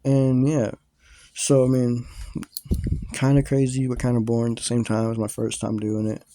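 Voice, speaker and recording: A man's voice: mid-range voice, monotone, normal speed, noisy background. A young man casually telling a rambling story to his viewers, full of fillers and swearing.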